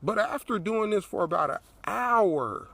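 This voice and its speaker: A man's voice: high voice, animated, unhurried, vocal fry, a bit bright, dry recording. A man telling a personal story in a rambling way, repeating his phrases, recorded outdoors by an apartment building. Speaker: vlogger.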